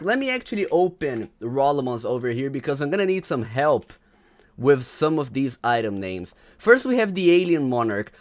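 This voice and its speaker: A man hosting a casual livestream, chatting to viewers, greeting them by name and hyping up the stream. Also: a little high. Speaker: livestream host.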